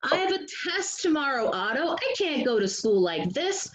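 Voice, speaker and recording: A woman's voice: high-pitched, sing-song, moderate pace. A woman voicing an eager young boy in a storybook read-aloud, exclaiming as she goes. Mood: frustrated. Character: cheerful young boy, excitable then flustered.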